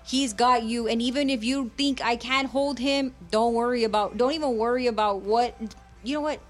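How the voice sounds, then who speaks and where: A woman's voice: on the high side, brisk. A woman preaching on a radio program, fervent and conversational, switching between English and Spanish to encourage listeners.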